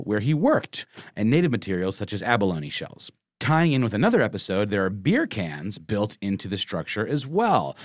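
A man co-hosting a podcast, with a lower voice that bounces around lively as he teases his partner. The sound is dry and close, with no room around it. He keeps a playful, joking manner in casual chat. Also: no echo. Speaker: podcast co-host.

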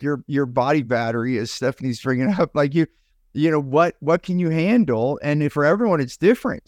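A man's voice: fairly high pitch, darkish tone, no room sound, studio quality. A man co-hosting a podcast, chatting casually and acting out his own past remarks as he tells stories. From United States. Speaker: podcast co-host.

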